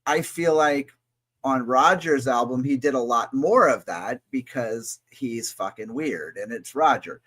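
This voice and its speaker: Brief: male co-host, enthusiastic and crude, average pitch. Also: lively intonation, unhurried, fairly bright tone. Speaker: podcast co-host. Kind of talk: casual chat reviewing an album.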